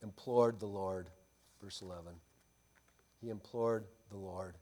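A man preaching a sermon as pastor, emphatic, asking the congregation rhetorical questions and swinging between loud stresses and quiet asides. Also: low-pitched, steady tone, a little slow.

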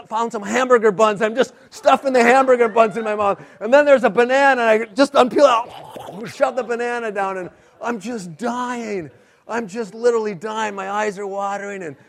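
Man, middle-aged, pastor, sermon, animated self-mocking storytelling, slightly high voice.

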